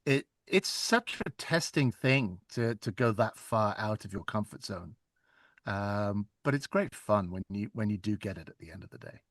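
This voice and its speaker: A man's voice: lowish voice, animated, moderate pace, no echo, studio quality. A man who narrates audiobooks, talking casually in a self-deprecating way and laughing often. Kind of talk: casual conversation.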